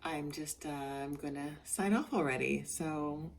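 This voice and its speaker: A woman's voice: low voice, unhurried, vocal fry, slight background noise. A middle-aged woman giving a casual personal video update, chatty and candid with many restarts, sounding worn out. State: worn out and tired. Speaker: vlogger sharing a health journey.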